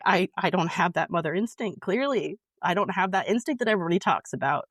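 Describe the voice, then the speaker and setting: A woman's voice: lowish voice, animated, fast, a bit bright, no echo, studio quality. A woman, a podcast guest, telling a personal story in an earnest, emotional way that halts and restarts often.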